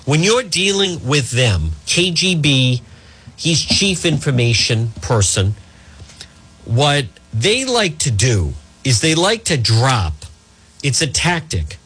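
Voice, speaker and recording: A man hosting a talk radio show, talking in a rambling, animated way and addressing the listeners as folks. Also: mid-range voice, husky.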